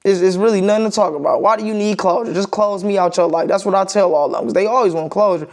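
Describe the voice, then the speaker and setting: High-voiced with a darkish tone, this young-sounding man speaks quickly with few pauses. As a vlogger sharing opinions in a casual monologue, he's blunt and profane, emphatic and repetitive as he vents.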